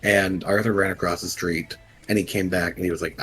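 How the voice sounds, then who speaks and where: A man's voice: deep voice, steady tone, brisk, a bit bright, faint music behind. A man guest on a podcast, chatting casually, sheepish and defensive, stammering and repeating himself.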